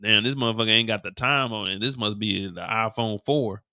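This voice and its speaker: A man hosting a live after-show, recapping a TV episode with animated, profane storytelling. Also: on the low side, brisk. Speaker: host.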